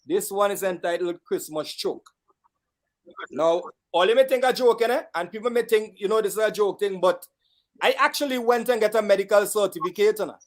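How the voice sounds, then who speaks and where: A man's voice: sits high, brisk. A man with a Vincentian accent, a calypsonian and parang singer talking playfully about his songs. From St Vincent and the Grenadines. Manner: playful, bawdy, shouting out lines.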